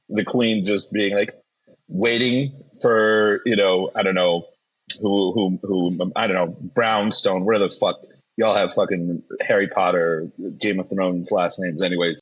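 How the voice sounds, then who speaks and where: A man's voice: lowish voice, husky. A man hosting a casual podcast chat, joking, swearing and laughing a lot. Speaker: podcast host. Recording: dull lo-fi sound.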